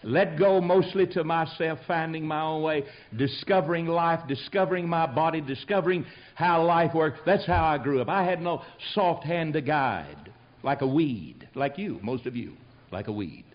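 A man's voice: a little high, normal speed, dull audio. An older man from Tennessee with a Southern accent, preaching a sermon in a folksy storytelling manner that rises to emphatic exhortation.

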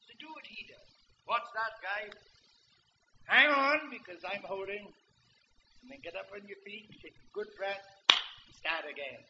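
A man from Britain preaching a sermon in a church, dramatic, switching between loud cries and quiet asides, on a muffled recording. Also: high-pitched, unhurried, noisy background. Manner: dramatic, swings from loud exclamations to hushed asides. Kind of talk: sermon with storytelling.

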